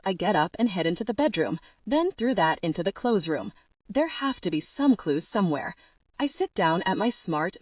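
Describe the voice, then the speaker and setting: Woman narrator for a first-person audiobook, lively rising-and-falling delivery, dry close studio sound. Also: medium pitch, dry recording. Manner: animated, expressive storytelling.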